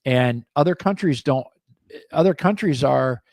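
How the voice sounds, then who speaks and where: A man's voice: mid-range voice, lively intonation, a little slow, darkish tone, no room sound. Middle-aged guy co-hosting, blunt and opinionated, quotes people in little voices, dead dry mic. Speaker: co-host and business owner. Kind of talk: casual opinionated talk show chat.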